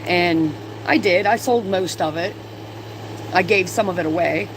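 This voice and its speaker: A woman's voice: lowish voice, measured pace. A woman in her twenties telling stories in a casual, profane way while doing her makeup for a vlog. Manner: chatty, profane storytelling. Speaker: vlogger. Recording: steady background noise.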